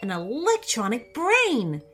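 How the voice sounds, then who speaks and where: A woman voicing an excited young boy inventor who talks in eager exclamations. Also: on the high side, slow pace, faint music behind, exaggerated voice.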